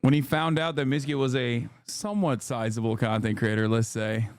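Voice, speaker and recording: A man's voice: medium pitch, steady tone, normal speed, no room sound, clean studio sound. A man commenting on clips during a live stream, wry and joking, with profane asides.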